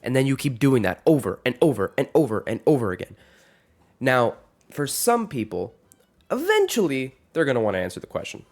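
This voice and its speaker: A man's voice: mid-range voice, wildly swooping pitch, brisk. A young man giving a casual rant to camera, rambling and correcting himself as he goes, with a wry tone. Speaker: vlogger.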